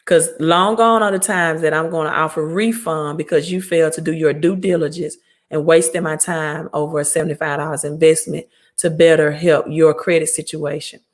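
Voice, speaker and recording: A woman's voice: low voice, steady tone, moderate pace. A woman from Mississippi with a Southern accent, hosting a credit repair livestream and answering viewer comments in a blunt, no-nonsense way. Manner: blunt, scolding, talks straight to viewers. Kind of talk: casual livestream talk reading viewer comments.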